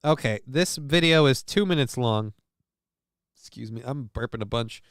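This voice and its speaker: Bright, crisp-voiced male streamer. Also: medium pitch, moderate pace, dry recording, clean studio sound. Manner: crude joking, reading chat aloud. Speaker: livestream host. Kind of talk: casual livestream commentary.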